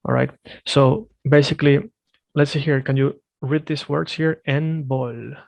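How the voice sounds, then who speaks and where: A man teaching a one-on-one language lesson, correcting firmly and repeating words slowly for his student. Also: fairly high pitch, steady tone, gravelly, darkish tone, no room sound. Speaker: Swedish teacher.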